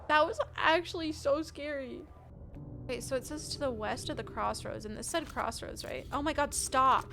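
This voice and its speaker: A woman's voice: high voice, measured pace, vocal fry, slight background noise. A young woman streaming a game, panicking, swearing and reading game text aloud. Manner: excitable, panicky outbursts and swearing. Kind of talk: casual gameplay commentary.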